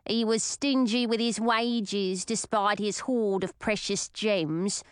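A woman's voice: mid-range voice, steady tone, clean tone, dry recording, studio quality, natural voice. A woman voicing a whiny grown man who is looking for work in an audiobook. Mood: complaining. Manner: complaining, drawn-out.

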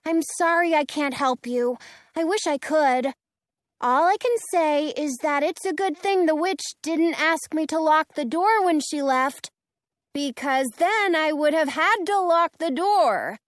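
A woman's voice: high voice, unhurried, dry recording, studio quality, voice pushed up. A woman reading aloud voices a polite Munchkin guard, speaking earnestly and dropping hints.

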